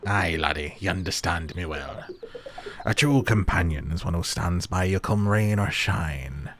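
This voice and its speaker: Male performer reads a deep old sea-dog villager for a cozy game, folksy, says laddie. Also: a little slow, noisy background. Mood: hearty. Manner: folksy, calls people laddie.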